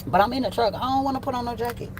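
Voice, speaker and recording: A woman's voice: on the high side, racing, background noise. A woman giving a casual online tarot reading from a truck, slangy and profane, joking and acting out little scenes. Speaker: tarot reader. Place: in a parked truck with the window open.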